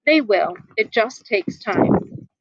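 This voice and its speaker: A woman voicing a kind, encouraging young schoolgirl in a read-aloud storybook, gentle and warm-hearted. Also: medium pitch, animated, takes it slowly, highs cut off, very noisy.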